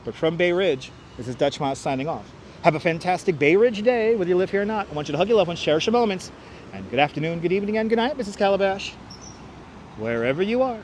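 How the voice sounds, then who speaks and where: A man's voice: sits high, animated, quick pace, darkish tone, a little hiss or hum. A man hosting a live walking stream, chatting casually in a rambling way and often repeating himself, on a wireless clip-on mic outdoors. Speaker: livestream host. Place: outdoors on a city street.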